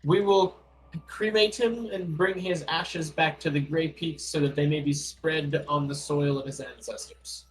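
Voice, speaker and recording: A man's voice: fairly high pitch, steady tone, unhurried, pitched above the performer's own voice, natural voice, poor audio. Man doing a pompous panicky dwarf wizard. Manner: formal, fussy speech that turns to shouting.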